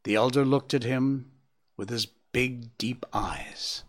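A man narrating a storybook in an expressive, measured way. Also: medium pitch.

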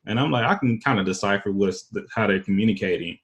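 A man with an East Texas accent hosting a casual chat, talking slowly in a laid-back drawl. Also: lowish voice, slightly rough. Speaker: podcast host.

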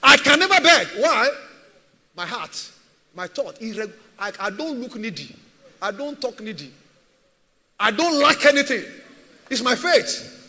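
A man's voice: sits high, expressive, unhurried, long pauses, pushed and bright, big-room sound. A man preaching a sermon as a pastor, emphatic and repetitive, firing rhetorical questions at his church.

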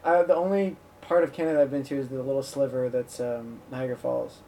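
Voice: mid-range voice, fairly quick, mellow, recorded from a distance. A podcast host in a casual comedy chat, giggling often and trailing off mid-thought.

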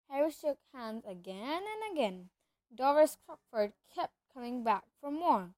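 A woman's voice: high voice, very animated, unhurried, darkish tone, dry recording. A woman narrating a children's storybook aloud, reading steadily with the occasional slip and restart. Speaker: reader.

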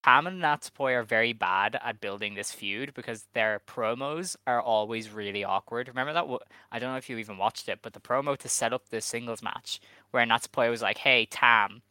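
Sarcastic podcast guy, smooth bright voice, dry close mic. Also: medium pitch, a little fast, dry recording. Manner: dry, sarcastic rundown of the card. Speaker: co-host. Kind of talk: casual wrestling podcast chat.

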